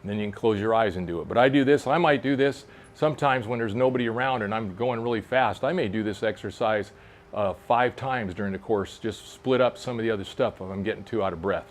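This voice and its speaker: With slight background noise behind him, a man in his sixties, almost seventy, speaks briskly in a fairly low-pitched voice. He's on an outdoor covered veranda in a park, casually demonstrating fitness moves for fly fishers and coaching in plain words as he goes.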